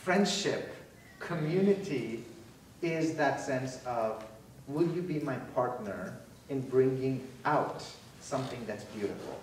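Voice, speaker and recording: Man, keynote lecture, animated, sarcastic humor, booming hall echo, distant mic, faint hiss. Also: slow. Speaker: keynote speaker. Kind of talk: university lecture and Q&A answers.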